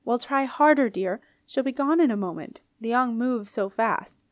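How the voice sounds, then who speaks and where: A woman's voice: a little high, lively intonation, normal speed, no echo, clean studio sound, lightly acted. A woman reading aloud and voicing a fussy, bossy old ghost queen who huffs and scolds. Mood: bossy, huffy. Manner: bossy, huffing, imperious.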